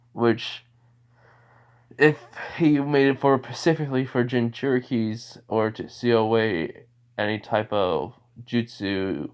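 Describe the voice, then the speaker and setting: Rambling young man retelling a fan story. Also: medium pitch. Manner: rambling, many fillers and restarts, laughs often. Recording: dull lo-fi recording.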